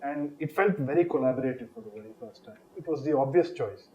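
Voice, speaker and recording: A film director talking in an interview, telling an animated story and laughing often. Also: male voice, medium pitch, very fast, rough recording. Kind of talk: casual interview answer.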